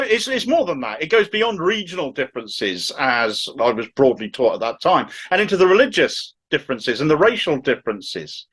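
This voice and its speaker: Middle-aged Cornish man, thick accent, pitched a bit high; opinionated video commentator with mocking, sarcastic asides. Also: fairly bright tone. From Cornwall. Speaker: political commentator. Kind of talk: opinionated political commentary to camera.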